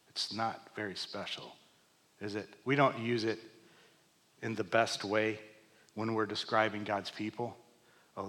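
A man preaching a sermon to his congregation, asking them questions and swinging between loud emphatic peaks and hushed low lines. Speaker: pastor. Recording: long hall reverb.

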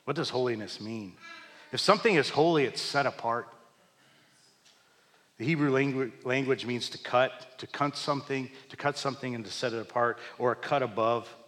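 A man preaching a sermon to his congregation, asking them questions and swinging between loud emphatic peaks and hushed low lines. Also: normal speed. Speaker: pastor. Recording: long hall reverb.

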